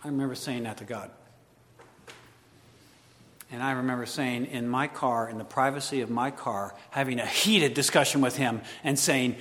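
A man preaching a sermon, animated, swinging between loud emphatic lines and hushed asides. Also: medium pitch, moderate pace. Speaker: pastor. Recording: long hall reverb.

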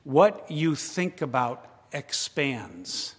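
A man's voice: medium pitch, big pitch swings, drawn-out words, husky. A man preaching a sermon, acting out a worried believer's voice in the first person. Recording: long hall reverb.

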